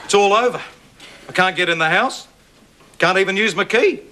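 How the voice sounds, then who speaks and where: An actor playing a brash, boastful husband who teases and mocks in loud banter in a sitcom. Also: male voice, high-pitched, normal speed. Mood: smug. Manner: loud, teasing, jokey banter. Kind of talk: sitcom acting. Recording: hiss on old TV audio.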